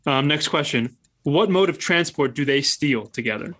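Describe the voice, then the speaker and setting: A man running a casual podcast quiz, reading out multiple-choice questions with pauses and ums. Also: a little high, lively intonation, fairly bright tone. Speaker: quiz host running the game.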